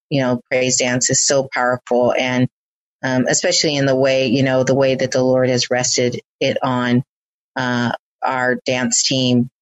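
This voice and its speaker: A woman with a low voice leads a loose, chatty conversation, wandering through her thoughts with plenty of fillers and restarts. She sounds playful and easygoing, recorded close and dry with no room sound. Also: dry recording, rough recording. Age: older than the young dancers. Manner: rambling, warm, many fillers and restarts, playful. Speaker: host and dance team leader. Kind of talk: casual conversation.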